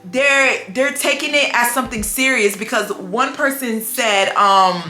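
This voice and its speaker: A young adult woman chatting casually for her vlog, sassy and playful, with animated storytelling and quick asides. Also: on the high side, reverberant, soft background music. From United States. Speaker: vlogger. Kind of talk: casual chat. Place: home room with a dog.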